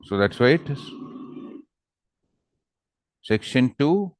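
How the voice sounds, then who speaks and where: A man's voice: medium pitch, very animated, slow pace, clean tone, no echo, clean studio sound. A man with an Indian English accent teaching an online law class, quizzing students and teasing them.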